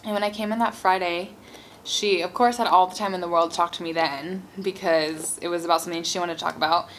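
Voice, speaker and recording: A woman's voice: on the low side, steady tone, fast talker, a bit bright, slight background noise. Chatty young woman telling a story. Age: young adult. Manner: chatty, heavy use of "like", exasperated. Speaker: vlogger. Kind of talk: casual storytime while eating.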